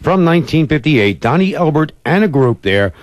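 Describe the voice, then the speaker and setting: A man's voice: a little high, big pitch swings, normal speed, no room sound. A man co-hosting an oldies radio show, announcing records with their years and labels.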